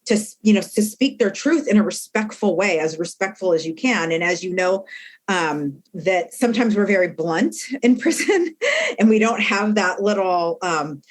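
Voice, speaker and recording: Blunt, animated woman guest with a mid-range voice, telling stories in an interview. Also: medium pitch, moderate pace. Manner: blunt, animated storyteller who acts out quotes. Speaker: guest, formerly incarcerated re-entry activist. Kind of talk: conversational podcast interview.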